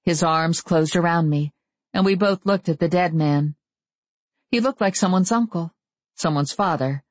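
A woman reading a first-person novel aloud, with measured, wry storytelling. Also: fairly low pitch, dry recording. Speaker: audiobook narrator.

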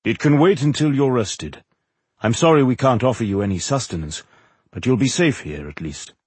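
A man voicing an ancient, kindly undead dwarf king who speaks calmly and reassuringly. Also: medium pitch, moderate pace, slightly rough, dry recording. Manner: calm, reassuring.

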